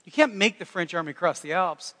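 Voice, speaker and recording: A man preaching a sermon in a folksy, animated way, breaking into loud shouted impressions. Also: high-pitched, brisk, long reverb tail. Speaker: pastor.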